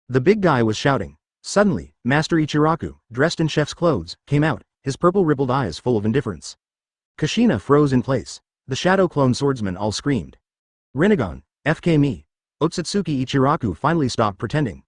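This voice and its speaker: Brief: male story narrator, evenly read, animated pitch, dry. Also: dry recording. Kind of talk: scripted narration.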